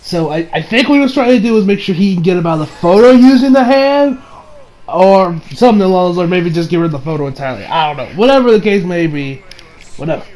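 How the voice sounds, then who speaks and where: A man's voice: high voice, animated, quick pace, a little mellow, low-quality recording. A man casually recapping an anime episode, rambling with many fillers and restarts. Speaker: anime reviewer.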